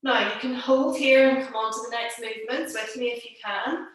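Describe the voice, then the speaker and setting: Woman pilates teacher on a video call, slow easy cues, bit breathless, kinda high voice, boomy room. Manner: calm instructing, counting holds aloud. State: a little out of breath. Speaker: pilates instructor. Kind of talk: live online exercise class. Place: at home. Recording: echoey room, distant mic.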